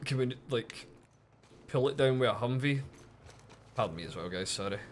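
A man giving casual, lively commentary while streaming a game, chatting with viewers and swearing often. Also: mid-range voice, normal speed.

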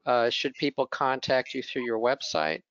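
A man's voice: mid-range voice, animated, moderate pace, fairly bright tone, dry recording. A man moderating a webinar, politely passing along questions from the audience. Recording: dry, dull lo-fi webinar audio.

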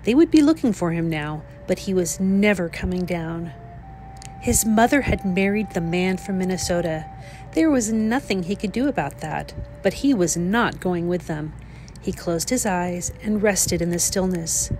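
A woman, a teacher, reading a children's picture book aloud in a clear, expressive way. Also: fairly low pitch, normal speed, soft background music. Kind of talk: read-aloud storybook narration.

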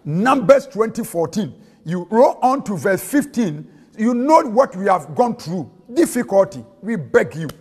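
High-voiced Ghanaian preacher in a reverberant hall. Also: male voice, sing-song, measured pace, darkish tone, breathy edge. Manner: mixes in local-language phrases, sing-song preaching cadence. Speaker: prophet and preacher. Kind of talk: sermon. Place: large church hall.

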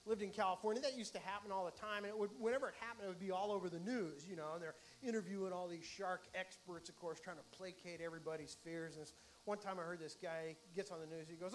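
A middle-aged man doing a stand-up comedy set, with animated, mock-excited storytelling to a live audience. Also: high voice, quick pace.

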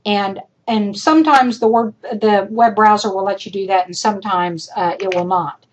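A woman college instructor giving recorded feedback to her students. She talks directly and chattily, repeating her points for emphasis, and her voice is going hoarse. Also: mid-range voice, moderate pace, low-quality recording. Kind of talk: recorded lecture feedback over screen demo.

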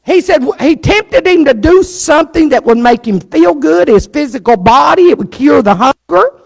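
High-voiced woman preaching fervently. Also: lively intonation, moderate pace, gravelly. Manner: fervent storytelling preacher who acts out the story's characters. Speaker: pastor. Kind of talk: sermon. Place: church. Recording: reverberant church sanctuary.

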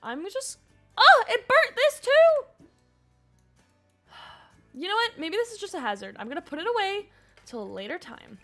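A young woman streaming a life-sim game, reacting excitably, yelling at characters and muttering asides to herself. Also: very high voice, a little fast, soft background music. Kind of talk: live gameplay commentary.

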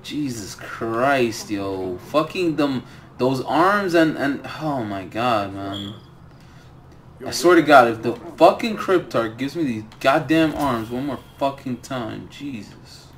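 A man's voice: medium pitch, expressive, slow pace. A young man streaming a game, ranting and swearing about the loot he gets. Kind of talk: live gaming commentary.

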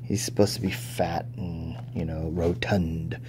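A man's voice: low voice, level tone, unhurried, a little mellow, a little hiss or hum. A man giving casual, chatty toy unboxing commentary, thinking aloud and easily impressed. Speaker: toy reviewer.

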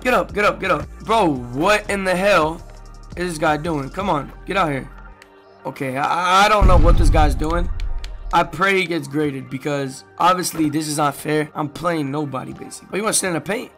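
Young male gaming YouTuber, high-pitched, hyped and loud, shouts at the game. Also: a little fast, music in the background. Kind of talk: gameplay commentary.

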